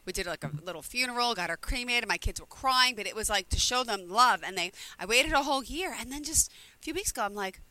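Middle-aged woman guest, effusive and rambling, bright voice. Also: a little high, lively intonation, fast talker, no echo, low-quality recording. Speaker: interview guest. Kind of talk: casual interview chat.

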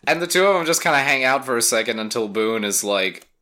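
A man's voice: medium pitch, lively intonation, fast talker, sharp tone. A young man co-hosting a podcast, casually recapping a story with profane jokes. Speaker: podcast co-host.

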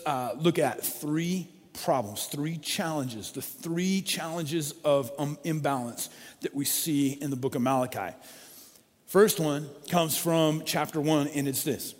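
A man preaching a sermon in an emphatic way, repeating his key phrases. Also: mid-range voice. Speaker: pastor. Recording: long hall reverb.

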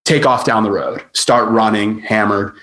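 A man's voice: fairly low pitch, moderate pace. A man telling a touring story on a podcast in a casual chat, acting out quotes and saying like often. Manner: animated, acts out quotes, many likes. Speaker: podcast guest.

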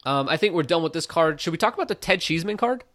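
A man co-hosting a casual sports podcast, talking in an opinionated, animated way with many "like" fillers. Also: fairly high pitch, fast talker. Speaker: boxing podcast co-host. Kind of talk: casual conversational commentary.

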